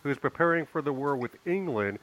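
Slightly higher, bright-voiced man. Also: animated, fairly quick, dull audio. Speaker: podcast co-host. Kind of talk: casual movie review chat.

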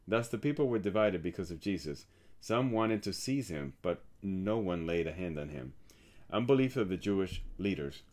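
A man with a fairly low voice reads scripture in a calm, measured delivery. His pacing stays even and deliberate from verse to verse. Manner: measured, steady reading. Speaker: scripture reader. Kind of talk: scripted Bible reading.

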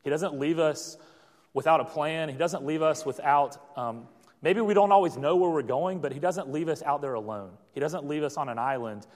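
A man's voice: on the high side, normal speed. Young male preacher in a reverberant hall. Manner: storytelling with many fillers and restarts. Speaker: pastor. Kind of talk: sermon.

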